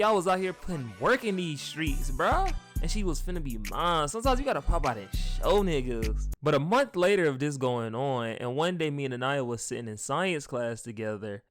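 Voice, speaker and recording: A young man narrating a comedic storytime, slangy and animated, dropping into low asides and jumping to high yelps. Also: no echo, studio quality.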